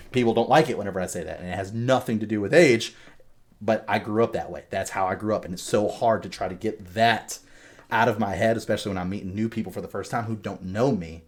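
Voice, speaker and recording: A man from the American South with a softened Southern accent, hosting a podcast discussion emphatically and swearing freely. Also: fairly low pitch, fairly quick. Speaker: podcast host.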